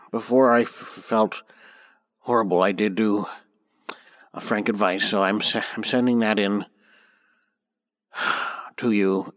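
A man's voice: lowish voice, fairly bright tone. A man playing a groaning, sickly man. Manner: faltering, groaning, apologetic. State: ill and weak. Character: miserable, sick adult man sending an audio message. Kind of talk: comedy audio sketch.

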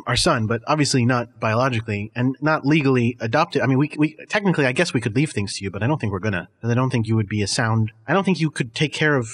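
A man's voice: mid-range voice, animated, fast, hardly any pauses, breathy edge. A man hosting a comedy podcast, chatting in a rambling, self-deprecating way and mock-scolding his listeners. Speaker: podcast host.

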